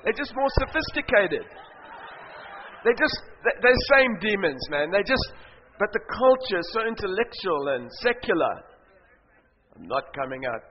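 A man from Africa preaching a sermon, telling a story in an animated way that swings between loud bursts and hushed asides. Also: high-pitched, normal speed, slight background noise. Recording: reverberant hall, slightly muffled sound.

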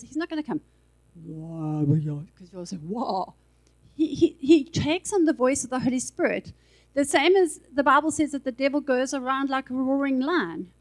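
A woman with a high voice delivers a sermon. She keeps it conversational, full of asides and everyday filler words. She speaks into a handheld microphone in a church. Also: poor audio. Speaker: preacher.

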